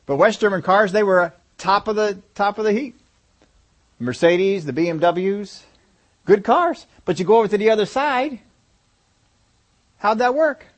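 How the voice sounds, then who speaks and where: A man's voice: sits high, animated, measured pace, long pauses. A man preaching a sermon, asking the congregation rhetorical questions and driving his points home with emphasis.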